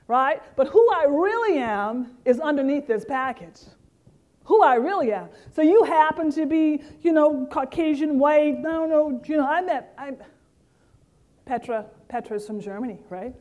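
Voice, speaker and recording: A middle-aged woman from the Caribbean giving a motivational keynote speech, lively and interactive, talking straight to the audience. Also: high-pitched, unhurried. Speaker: keynote speaker.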